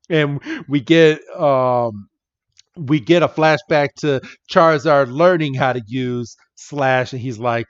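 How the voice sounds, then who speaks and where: A man co-hosting a casual podcast chat, excitable and acting out characters' lines in playful voices. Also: a little high, measured pace, dry recording. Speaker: podcast co-host. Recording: dull lo-fi, dry.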